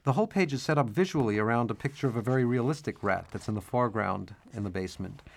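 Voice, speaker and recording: A man's voice: mid-range voice, fast, creaky. A man, an author and cartoonist, talking thoughtfully about his work in an interview, with hesitant restarts. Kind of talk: interview, reading his book aloud.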